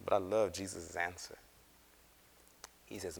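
A man's voice: mid-range voice, sing-song, moderate pace, a bit bright, in a large hall. A male preacher giving a conversational sermon, often asking the audience questions.

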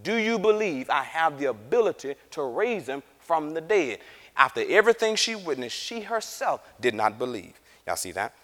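A man teaching a Bible class, animated and acting out the scripture characters as he reads. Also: fairly high pitch, normal speed. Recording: reverberant room.

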